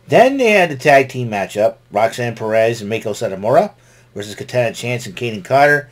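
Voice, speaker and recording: A man's voice: medium pitch, very animated, brisk. A man hosting his own show who rambles through a casual spoken recap with frequent restarts. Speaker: solo show host recapping wrestling.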